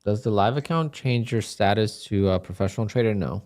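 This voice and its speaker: Chill guy with a lowish voice streaming his day trades, chatty, answers chat questions on the fly. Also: brisk, a little mellow. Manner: laid-back, chatty, reads chat questions aloud. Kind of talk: casual live-stream chat.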